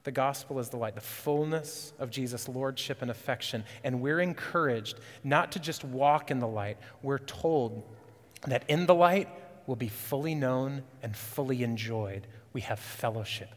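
A man preaching a sermon as pastor, earnest and urgent, rising on questions and dropping low and quiet for emphasis. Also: normal speed, long reverb tail.

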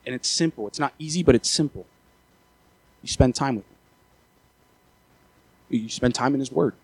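A man preaching a sermon in a plain mid-pitched voice, recorded dry and close. He talks in a conversational way and often trips over and repeats words as he goes. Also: moderate pace, husky, dry recording. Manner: builds from quiet talk to loud, high-pitched urgency. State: out of breath after the peak.

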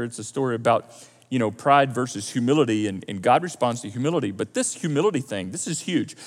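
A male pastor preaching a sermon in a lively, conversational way and often repeating himself. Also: fairly high pitch. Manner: animated, conversational preaching with repetitions. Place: church auditorium. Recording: echoey hall.

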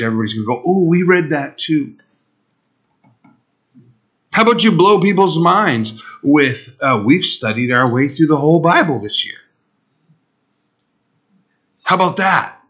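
A man's voice: mid-range voice, sharp tone, lo-fi sound. A male pastor preaching an impassioned expository sermon, pleading and rising sharply for emphasis.

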